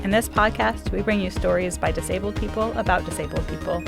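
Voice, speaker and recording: A woman's voice: medium pitch, fast talker, vocal fry, music in the background. A woman co-hosting a studio podcast, enthusiastic and opinionated. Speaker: podcast co-host. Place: radio studio.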